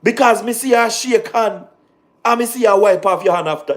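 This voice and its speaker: On a laid-back livestream, a Jamaican-accented man discusses politics, his voice pitched high and his pace moderate. He repeats himself with lots of animation and slips patois into his speech.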